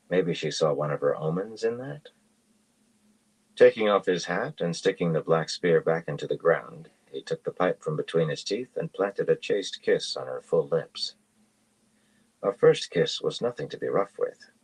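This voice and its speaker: Male audiobook reader: very low pitch, husky, steady and measured. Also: low-quality recording. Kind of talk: reading a fantasy novel aloud.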